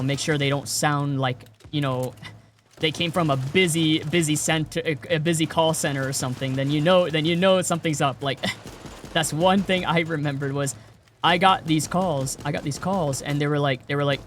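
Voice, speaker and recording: A man's voice: on the high side, fairly bright tone, a little hiss or hum. A man streaming and chatting casually with viewers, rambling with many repeated words and fillers. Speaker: game streamer.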